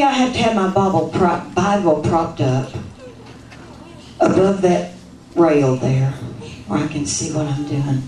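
A woman's voice: mid-range voice, a little mellow, slight background noise. A woman with a Kentucky accent preaching a sermon in a church, emphatic and playful, often questioning and teasing the congregation. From Kentucky, USA. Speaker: guest preacher. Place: church sanctuary. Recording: roomy church sound from a distance.

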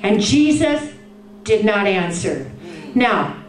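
A woman's voice: mid-range voice, big pitch swings, takes it slowly. A woman preaching a fervent sermon to a women's gathering, rising into sing-song passages and dropping in frequent fillers. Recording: echoey room, voice from a distance.

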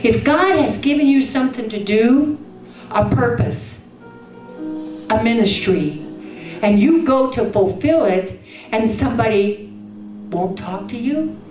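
Fervent high-voiced woman preaching, echoey. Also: lively intonation, a little slow, pauses often, darkish tone, faint music behind. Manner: fervent, sing-song preaching with frequent "uh" fillers. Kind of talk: sermon. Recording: echoey room, voice from a distance.

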